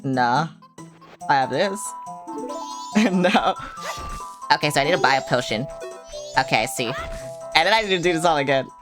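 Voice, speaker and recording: A young woman with a low voice chats her way through a video game stream at home, talking to the characters and cursing now and then. Loud game music plays under her voice the whole time. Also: animated, normal speed, long pauses. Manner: chatty, swears casually, talks to the game. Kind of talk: live gameplay commentary.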